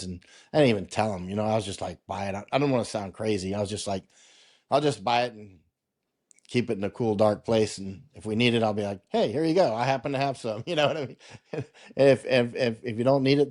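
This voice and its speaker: Over a remote video call, a male war correspondent chats casually as an interview guest, rambling with restarts, quoting himself, and laughing often. His voice is lowish, a little mellow, and a little fast.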